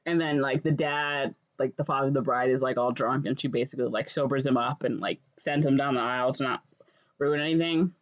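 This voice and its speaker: A woman's voice: very deep voice, fairly even intonation, a little fast, highs cut off. A young woman co-hosting a podcast, retelling a movie plot in casual chat, full of "like" fillers. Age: young adult. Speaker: podcast co-host.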